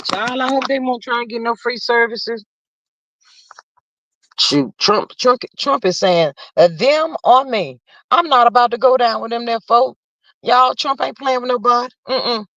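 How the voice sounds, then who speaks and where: A woman's voice: a little high, measured pace, a bit bright, no room sound, dull audio. A woman hosting a casual live stream, talking straight to her viewers and reading out the chat in a folksy, chatty way.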